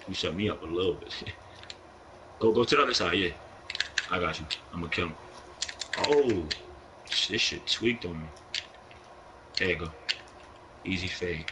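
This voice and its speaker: A man's voice: low voice, background noise. A young man with a New York accent, live-streaming a basketball video game, talking in brash, profane trash talk with an aggressive edge. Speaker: gaming streamer.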